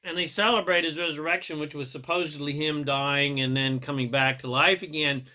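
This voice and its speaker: Casting: middle-aged spiritual teacher, irreverent and profane, slightly high voice. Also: male voice, fairly even intonation, brisk, bright, forceful tone. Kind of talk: monologue spiritual message.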